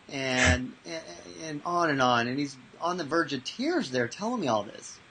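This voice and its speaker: A man who works as a mental toughness trainer, answering interview questions and telling lively anecdotes with acted-out voices. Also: medium pitch, moderate pace, few pauses, noisy background. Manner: animated, acts out voices in anecdotes.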